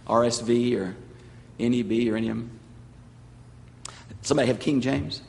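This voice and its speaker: An older man with a Southern US accent teaching a sermon to a congregation, explaining with emphasis and slowing on key phrases. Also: mid-range voice, steady tone, gravelly, a little mellow, a little hiss or hum. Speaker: pastor and Bible teacher. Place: large church sanctuary. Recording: long hall reverb.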